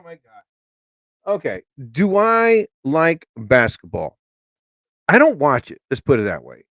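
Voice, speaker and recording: A man hosting a casual live stream, rambling excitably and swearing casually as he chats. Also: a little high, dry recording.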